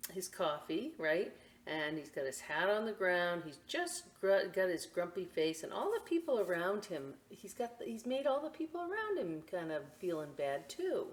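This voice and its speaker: A middle-aged woman leading a library storytime, reading a picture book aloud. Her voice is rather low and moves in a lively, sweeping melody, unhurried and chatty, pausing for asides to the children. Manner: animated and chatty, asides to listeners.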